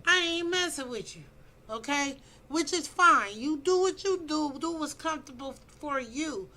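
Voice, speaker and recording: A woman's voice: high voice, expressive, a little slow, pushed and bright, low-quality recording. A woman in her fifties talking bluntly and preachily into her phone about dating, with emphatic outbursts. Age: 50s. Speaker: vlogger giving dating advice. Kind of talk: casual opinionated monologue.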